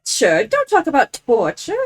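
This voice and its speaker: Animated woman player, earnest. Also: fairly high pitch, moderate pace, crowd noise. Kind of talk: casual game chat.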